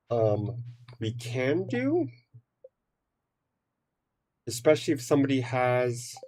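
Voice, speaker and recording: Slow, rambling streamer humming along. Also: female voice, rumbling low, dark tone, slight background noise. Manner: rambling, hums to self, many fillers. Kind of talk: casual gameplay commentary.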